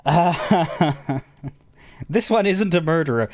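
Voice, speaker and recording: A man's voice: a little high, lively intonation, moderate pace. A man streaming a game, chatting casually in a rambling way, stammering and chuckling as he talks to his chat.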